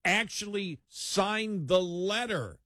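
A man co-hosting a talk show, speaking in emphatic, animated commentary with frequent laughs. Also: sits high, slow pace, dry recording, clean studio sound. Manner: animated, emphatic, laughs while mocking opponents. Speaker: co-host.

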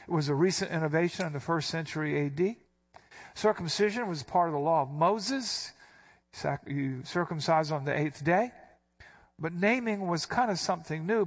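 A man preaching an expository sermon, explaining a passage in a teacherly, emphatic way and punching out key words. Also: on the high side. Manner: emphatic, stresses quoted words with sudden rises. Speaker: pastor.

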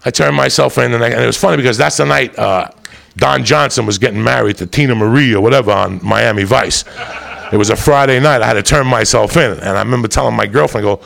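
A man's voice: medium pitch, quick pace, creaky, fairly bright tone. A man telling a rowdy comic story with heavy swearing and bursts of laughter. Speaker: comedian storyteller. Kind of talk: profane comic storytelling monologue.

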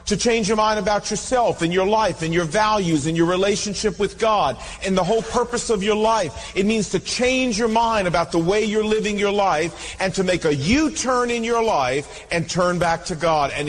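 Male pastor, sermon, high voice, animated storytelling, long hall reverb. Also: moderate pace, few pauses, a little hiss or hum. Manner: animated storytelling, acts out dialogue.

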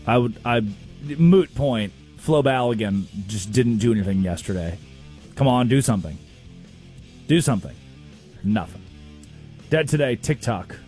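A man hosting a casual, comedic sports talk show, telling stories with quick asides. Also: mid-range voice, faint music behind. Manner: animated storytelling with quick asides. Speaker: sports radio host.

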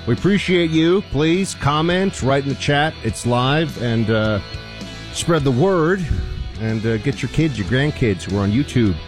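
A man's voice: expressive, measured pace, over music. Playful radio co-host man. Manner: playful, teasing, jumps up in pitch. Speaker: radio talk show co-host. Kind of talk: casual on-air banter.

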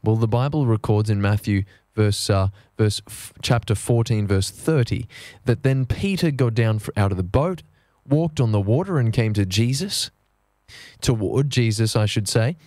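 A man preaching a sermon in an earnest, measured way, slowing down to stress key phrases. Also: on the low side, animated, warm tone, dry recording, studio quality. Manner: earnest, measured, slows down for emphasis.

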